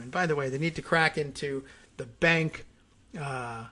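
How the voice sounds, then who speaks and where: A man with a fairly high speaking voice reads news copy aloud as a podcast host. He breaks off into low, trailing, mumbled asides and stumbles over hard names before returning to the text. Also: measured pace, pushed and bright. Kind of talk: reading news aloud with off-the-cuff commentary.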